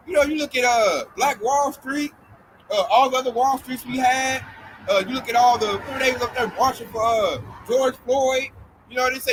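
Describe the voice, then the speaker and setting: A man leading a casual religious group talk, animated and mocking as he acts out scared people. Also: extremely high pitch, fairly quick, slight background noise, low-quality recording.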